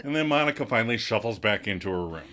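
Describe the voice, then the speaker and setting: A male podcast co-host walks through a sitcom episode in a casual, animated way, often breaking into laughter. His voice is bright and ringing, and his pitch swings widely as he tells the story. The talk stays loose and chatty. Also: fast.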